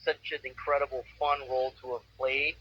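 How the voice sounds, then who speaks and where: In a relaxed interview, a man in his forties who does voice acting shares stories with upbeat enthusiasm. He talks fairly quickly at a medium pitch with a level tone, and the audio comes through muffled with a little noise.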